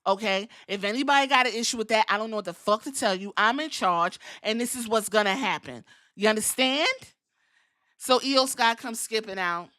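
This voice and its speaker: A woman hosting a podcast, recapping a wrestling show in animated, profane, storytelling chat. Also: a little high, fairly quick. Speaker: podcast host.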